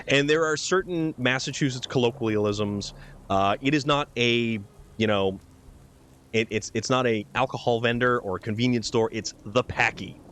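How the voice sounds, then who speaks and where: A man's voice: mid-range voice, fairly bright tone. A man from New Hampshire streaming a game live, chatting casually with viewers and calling them dude. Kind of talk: live gameplay commentary and chat reading.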